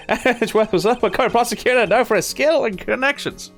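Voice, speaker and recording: A man putting on an overexcited TV news anchor voice with a brisk, punchy newsreader delivery. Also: extremely high pitch, fairly bright tone, soft background music, pitched above the performer's own voice. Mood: breathless.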